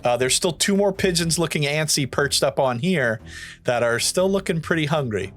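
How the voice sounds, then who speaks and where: A man's voice: fairly high pitch, animated, normal speed, a bit bright, soft background music. A man running a tabletop game as game master, laid-back, laughing often and using many fillers.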